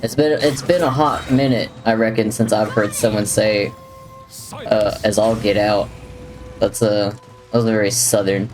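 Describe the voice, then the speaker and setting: A man's voice: lowish voice, steady tone, normal speed. A man streaming a video game live, chatting casually with viewers, reading their messages and joking about the game as he plays. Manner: chatty, jokey, drifts between talking to chat and to the game. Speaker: livestreamer. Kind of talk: casual gameplay commentary, reading chat. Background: faint game music.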